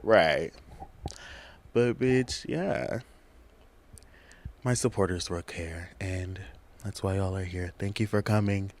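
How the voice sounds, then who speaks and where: A young man hosting his own podcast in a casual, chatty, slangy way, laughing often and swinging from hushed to loud. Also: low voice, steady tone, slow, pauses often. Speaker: podcast host. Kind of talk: casual solo podcast chat. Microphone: camera on a tripod.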